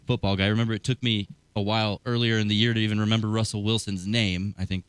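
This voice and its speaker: A man's voice: on the low side, level tone, smooth, dry recording. A man hosting a sports talk show, chatting in an upbeat, chatty way. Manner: upbeat, chatty and fast-moving. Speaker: host.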